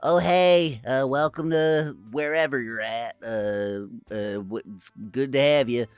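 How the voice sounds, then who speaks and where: A man's voice: medium pitch, measured pace, smooth, no room sound, faint music behind, lightly acted. A man voicing a friendly, slightly hesitant male town guard in a tabletop game. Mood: welcoming.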